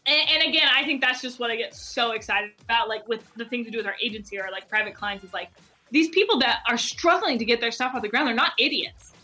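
A woman's voice: a little high, quick pace, soft background music. A woman who runs a marketing agency, talking as a guest in an enthusiastic, conversational way and acting out other people's voices as she tells stories. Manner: animated, acts out quoted voices.

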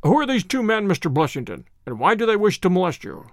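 A man's voice: high-pitched, sing-song, fast talker, no echo, studio quality. A man voicing a cool, stern detective who speaks tersely. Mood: curt. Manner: curt and cold.

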